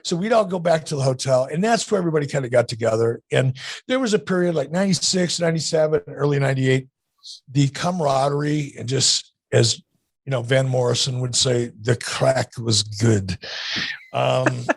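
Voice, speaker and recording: A man in his sixties talks in a gravelly, husky voice, telling stories in an easy, wry way. The recording is dry and close, with no room sound at all. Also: mid-range voice, a little fast, no room sound. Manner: laid-back storytelling with dry humor. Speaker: guest. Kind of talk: casual podcast chat.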